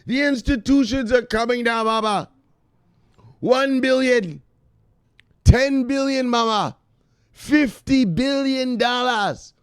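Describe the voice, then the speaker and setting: A man's voice: very high-pitched, slow, long pauses, smooth, dry recording, studio quality, pitched above the performer's own voice. A man voicing a grandiose grown son who lectures his mother in a pompous, declaiming way.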